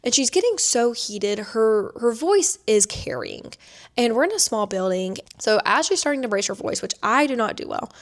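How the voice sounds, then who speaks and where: A woman in her twenties, seated indoors, tells a personal story to camera, filling her speech with "like". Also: mid-range voice. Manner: chatty, many filler "like"s. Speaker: vlogger.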